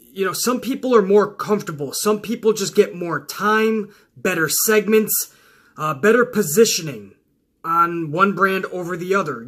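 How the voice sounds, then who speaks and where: Man, high voice, bright and forceful, profane rant, bursts of shouting. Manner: loud, swearing, flares into yelling. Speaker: wrestling video host. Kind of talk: profane casual rant to camera.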